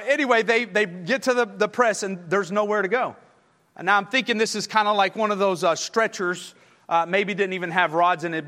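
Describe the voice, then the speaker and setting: High-voiced preacher in a reverberant church hall. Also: male voice. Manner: animated storyteller, many "uh" fillers and restarts. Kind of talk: storytelling sermon.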